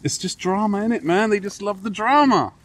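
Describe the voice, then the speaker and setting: A young podcast co-host chats casually outdoors by a railway track, laid-back and reassuring and swearing casually. His voice sits high, animated and a little fast, with slight background noise.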